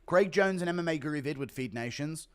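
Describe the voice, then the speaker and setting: A man's voice: on the high side, lively intonation, fast talker, clear, resonant tone. A young man live streaming, casually reading out donations and rambling with a lot of swearing and sarcasm. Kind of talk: casual chat.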